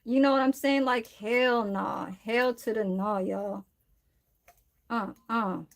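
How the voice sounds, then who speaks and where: A woman's voice: fairly high pitch, fairly even intonation, takes it slowly, creaky. A woman chatting casually on a cooking livestream, telling a rambling, profane story to her viewers while she cooks in a kitchen. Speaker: livestream cook.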